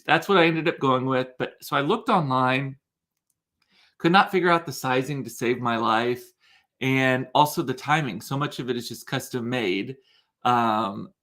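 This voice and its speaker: Young guy, casual vlog storyteller, rambling and chatty with lots of fillers, mid-pitched voice. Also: a bit bright. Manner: chatty, rambling, with many fillers and self-corrections. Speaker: vlogger.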